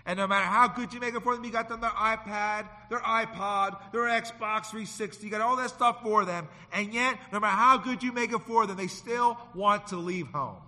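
Man preaching a bright, dramatic sermon in a reverberant hall. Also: high voice, brisk, hardly any pauses. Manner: dramatic swings from loud to hushed, acting out quotes. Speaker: pastor. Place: church sanctuary.

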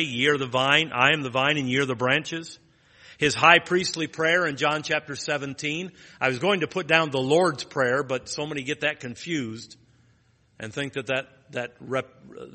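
A man's voice: medium pitch, bright, forceful tone, in a large hall. A man teaching a Bible lesson in a plain teaching tone, asking rhetorical questions and restarting phrases.

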